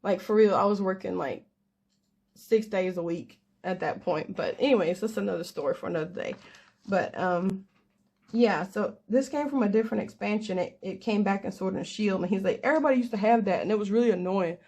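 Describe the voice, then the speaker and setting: A woman's voice: mid-range voice, normal speed, gravelly, darkish tone. A young adult woman telling a rambling, casual story with self-deprecating laughs. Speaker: crafter and gamer.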